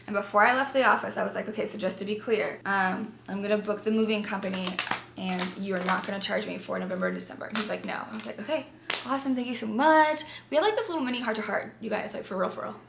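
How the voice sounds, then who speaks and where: A woman vlogger chatting through a story for her viewers, lively and talkative. Her voice has a gravelly fry to it. It sounds recorded in an echoey room at home, with a faint hiss behind. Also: medium pitch, fast talker. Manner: animated, chatty, addresses viewers as you guys.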